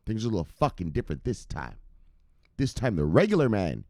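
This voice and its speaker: A man hosting a crypto news channel, ranting to his viewers in a profane, theatrical way that swings from loud shouts to muttered asides. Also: on the low side, big pitch swings, moderate pace, no echo, clean studio sound. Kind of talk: fired-up rant to viewers.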